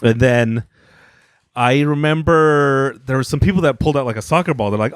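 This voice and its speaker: A man's voice: medium pitch, normal speed, clear, resonant tone, no room sound, studio quality. A man co-hosting a comedy podcast, telling rambling stories and acting out quotes, grumbling that he hates everything. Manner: rambling storyteller who acts out quotes; grumpy self-declared hater. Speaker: podcast co-host. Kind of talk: casual comedic chat.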